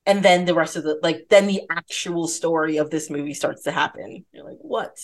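A woman hosting a casual film podcast, talking in an animated way and acting out scenes in quoted voices. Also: low-pitched, fairly quick. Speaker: podcast host.

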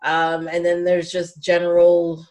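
A woman co-hosting a casual movie chat, talkative and laughing often, dropping into quiet asides. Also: on the low side, completely flat delivery, a little slow. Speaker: podcast co-host.

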